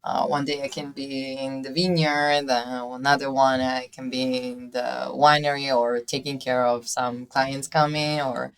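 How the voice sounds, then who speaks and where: A woman's voice: extremely low pitch, little pitch movement, measured pace, few pauses, smooth. A woman in her twenties with an Italian accent, a guest answering questions in English with many fillers and shy laughs. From Italy, Veneto. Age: 20s. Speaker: guest winemaker. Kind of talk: casual interview chat.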